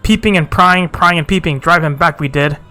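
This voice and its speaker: A man's voice: fairly high pitch, moderate pace, sharp tone, soft background music. A man voicing a squawking proud birdman. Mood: excited. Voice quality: squawks, backward word order. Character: squawking male birdman tribesman, proud and excitable.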